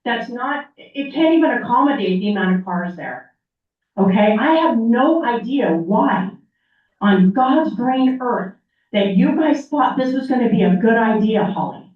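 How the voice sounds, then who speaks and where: Older woman, upset and emphatic, higher voice, distant mic, echoey council chamber, dull sound. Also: lively intonation, a little slow. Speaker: public commenter. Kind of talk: public comment at a city meeting. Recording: echoey room mic, heard from far off, dull.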